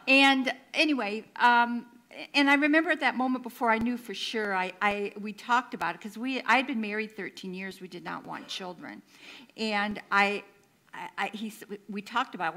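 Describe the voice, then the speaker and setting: A woman's voice: on the high side, normal speed, pushed and bright. A middle-aged woman minister giving a sermon, telling a personal story in a conversational, self-deprecating way and acting out her own past lines.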